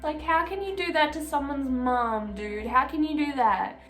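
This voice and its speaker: A young woman tells a true crime story casually, with emotional asides and frequent swearing. Her voice sits a little high. The room is echoey, and faint music plays underneath. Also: moderate pace, a bit bright. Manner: chatty, emotional, swears freely, fillers of "like".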